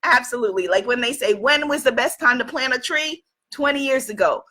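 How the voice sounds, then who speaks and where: A woman in her fifties from New York City, losing her voice, giving an emphatic motivational talk as a life coach, repeating affirmations and at times shouting. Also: sits high, a little fast. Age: 50s.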